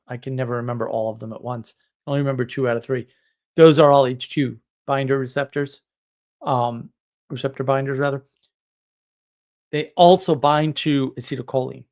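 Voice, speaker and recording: A man hosting a live stream, chatting casually in a rambling way and laughing at his own stories. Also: medium pitch. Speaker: livestream host.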